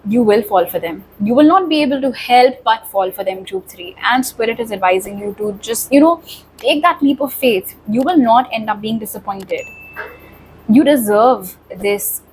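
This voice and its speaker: A woman's voice: a little high, lively intonation, normal speed, darkish tone, a little hiss or hum, poor audio. A woman giving a pick-a-card tarot reading, talking straight to viewers in a reassuring way. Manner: reassuring, addresses viewers directly. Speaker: tarot reader.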